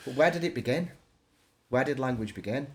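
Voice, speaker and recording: A man's voice: mid-range voice, expressive, brisk. A man from England, a tattoo artist, chatting casually in a jokey, easygoing way. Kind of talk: casual chat.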